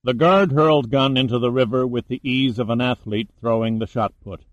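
A man's voice: medium pitch, brisk, no echo, lo-fi sound. Man narrating a thriller audiobook. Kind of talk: scripted narration.

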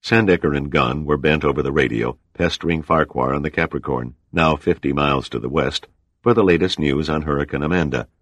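A man reading an audiobook in a steady, measured scripted narration. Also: a bass voice, dry recording.

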